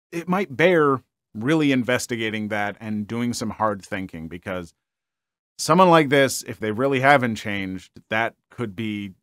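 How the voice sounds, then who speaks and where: A man's voice: medium pitch, fairly bright tone, dry recording, clean studio sound. A young man reading online stories aloud and chatting about them casually, with lots of fillers. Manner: casual, rambling, many fillers. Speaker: story reader and commentator.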